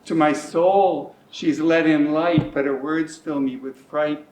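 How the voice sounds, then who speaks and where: Slow man performing rhymed monologue in echoey hall. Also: a little high, fairly even intonation, darkish tone, slight background noise. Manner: rhythmic rhyming delivery, emotional swings. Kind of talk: rhymed spoken-word monologue. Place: community centre hall, live stage. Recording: echoey hall, mic at a distance.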